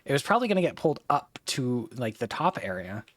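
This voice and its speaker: A man's voice: medium pitch, big pitch swings, fast talker, a bit bright, dry recording, clean studio sound. A man streaming a game in casual chat, swearing and joking, his throat strained from holding a raised voice.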